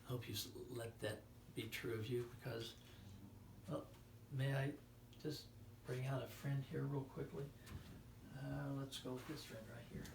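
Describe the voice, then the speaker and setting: A man's voice: medium pitch, unhurried, gravelly, pauses often, background noise. A man giving a children's Christmas message, telling a story with acted-out dialogue, sometimes dropping to a whisper. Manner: animated storytelling, acts out dialogue, drops to a whisper. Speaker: children's speaker. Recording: roomy hall, voice from far off, faint ambience.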